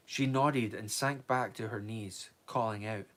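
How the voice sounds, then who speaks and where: A man reads a novel aloud on a live stream at a steady, even pace. Now and then he stumbles over a word and corrects himself before going on. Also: lowish voice, unhurried, few pauses. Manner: steady reading with small slips and corrections.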